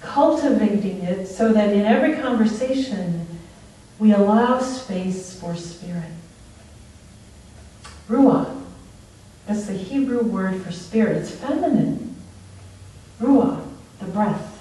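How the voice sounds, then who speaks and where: A woman's voice: mid-range voice, takes it slowly, pauses often. A woman giving a conversational sermon at a church, telling stories and laughing often. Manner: storytelling, animated, laughs often. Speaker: speaker at a church service. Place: church sanctuary. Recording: distant mic in an echoey room.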